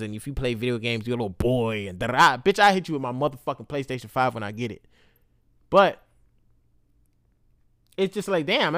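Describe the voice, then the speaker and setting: Brief: male vlogger, fairly high voice, smooth and clear, candid emotional rant with swearing. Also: dry recording, studio quality. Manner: emotional, rambling, heavy profanity. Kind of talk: candid storytime monologue.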